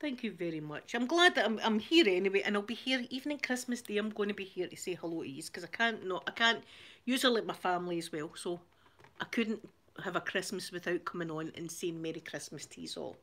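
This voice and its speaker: A woman's voice: mid-range voice, animated, a little fast, a bit bright. Giggly Glaswegian woman chatting live. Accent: Glaswegian Scottish. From Glasgow, Scotland. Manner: chatty, giggly, laughs often between lines. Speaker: channel host reading viewer comments. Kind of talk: casual live-stream chat.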